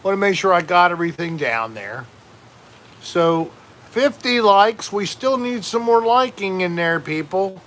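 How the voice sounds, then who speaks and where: A man's voice: high-pitched, lively intonation, normal speed, fairly bright tone, slight background noise. A man hosting a casual home livestream, rambling and joking while reading out chat names. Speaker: livestream host.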